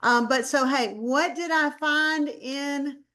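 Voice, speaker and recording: A woman's voice: high voice, slow, pushed and bright. A woman in her fifties with a North Carolina Southern accent, speaking as a guest in a bubbly, chatty way. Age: 50s. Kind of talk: casual online presentation.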